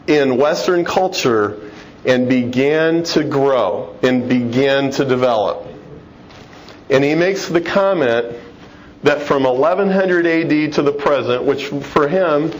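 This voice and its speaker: A man's voice: a little high, rough recording. A middle-aged man giving an informal talk, speaking conversationally with restarts and rhetorical questions. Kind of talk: informal talk on religion and history. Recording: faint background noise.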